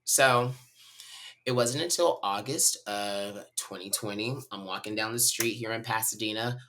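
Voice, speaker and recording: A man from North Carolina, a podcast guest telling a personal story in a candid, animated way. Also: on the low side, a little slow, a little hiss or hum. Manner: animated, candid, talks to listeners as y'all.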